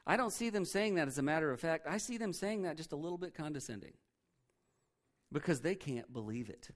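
Give me a man preaching a relaxed, conversational sermon with a slightly high voice. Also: a little fast. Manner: conversational, joking asides. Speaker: pastor.

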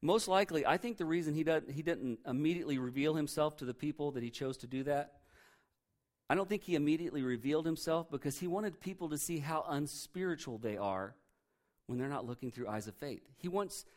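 A pastor preaching a sermon in a conversational way, with joking asides. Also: male voice, fairly high pitch, a little fast, darkish tone.

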